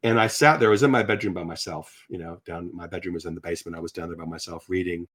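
A man in his sixties telling his conversion story in conversation, animated, acting out quotes as he talks. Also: deep voice, fast. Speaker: guest sharing his testimony. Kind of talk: conversational faith testimony.

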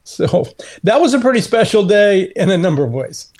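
High-voiced earnest male storyteller. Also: moderate pace. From California. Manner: earnest, animated storyteller who acts out quoted dialogue. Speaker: guest, Christian author. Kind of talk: storytelling in a conversational interview.

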